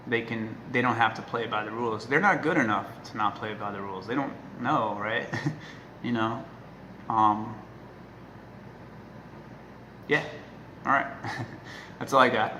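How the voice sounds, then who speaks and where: A man talking casually to the camera as a dog trainer, earnest and emphatic, often checking in with a quick "right?". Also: lowish voice, pushed and bright. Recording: echoey room with faint noise.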